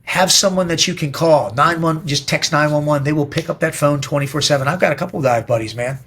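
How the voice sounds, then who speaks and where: A middle-aged man speaks as a podcast guest, blunt and emphatic, with plenty of swearing. He tells stories in a direct, forceful way. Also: fairly high pitch, fast, a little hiss or hum. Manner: blunt, profane, emphatic storytelling. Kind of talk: casual interview talk.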